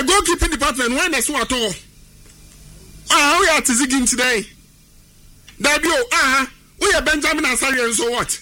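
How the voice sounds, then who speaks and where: A man with a Ghanaian accent giving animated sports talk, emphatic and repetitive, drifting into a sing-song delivery. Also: extremely high pitch. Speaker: sports pundit. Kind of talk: animated sports talk mixing Twi and English.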